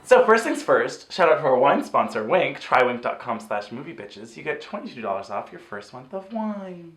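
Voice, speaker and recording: A man's voice: medium pitch, very animated, normal speed, a bit bright. A man co-hosting a casual review show, jokey and playful, laughing often. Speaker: podcast co-host. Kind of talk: casual chat. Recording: roomy echo, faint noise.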